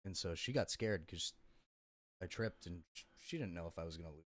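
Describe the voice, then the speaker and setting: A man's voice: low-pitched, a little fast. A young man in casual podcast conversation, telling his story bluntly with lots of profanity and fillers. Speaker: podcast guest.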